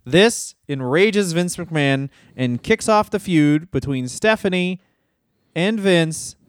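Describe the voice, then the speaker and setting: A man co-hosts a comedy podcast with a fairly high voice, riffing in loose, profane chat. He keeps stopping to correct himself with quick asides. The sound is close and dry, with no room around it. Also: lively intonation, no room sound. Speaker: podcast co-host.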